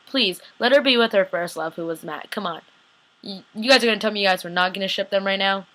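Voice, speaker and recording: Recapping a TV episode for her vlog, a young woman chats and gushes, quoting characters in little impressions as she goes. Her medium-pitched voice is steady in tone, a bit bright and fairly quick.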